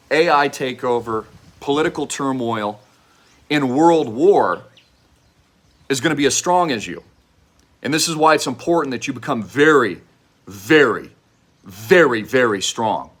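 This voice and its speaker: A man delivering a fervent, preachy direct-to-camera investment pitch, repeating slogans and at times shouting them. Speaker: online show host pitching an investment project.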